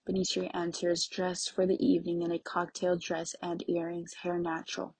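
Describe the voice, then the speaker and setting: Husky-voiced woman reading stage directions. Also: on the low side, moderate pace, hardly any pauses, dry recording, low-quality recording. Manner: plain, even reading of directions. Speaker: audiobook reader. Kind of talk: reading a stage play aloud, stage directions included.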